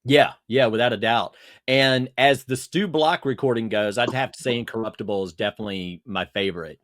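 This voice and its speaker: A man speaking at an ordinary pitch, chatting loosely on a video call. His sound is dry and close, with no room around it. He wanders through his thoughts with plenty of fillers and restarts. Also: fairly quick, fairly bright tone, dry recording. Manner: rambling, many fillers and restarts. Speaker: podcast guest. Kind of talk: casual video-call chat.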